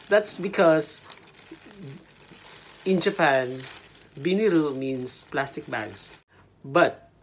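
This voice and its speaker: A Filipino man with a Filipino accent, chatting casually in a teaching vlog and repeating words slowly so viewers can practice saying them. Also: medium pitch, husky. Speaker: language vlogger.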